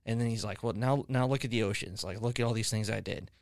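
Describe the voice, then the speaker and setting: A man's voice: fairly low pitch, fast, vocal fry, dry recording, studio quality. A man hosting a podcast, chatting casually about faith with guests and telling long stories full of fillers and restarts. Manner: rambling storyteller, many fillers and restarts. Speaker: podcast host.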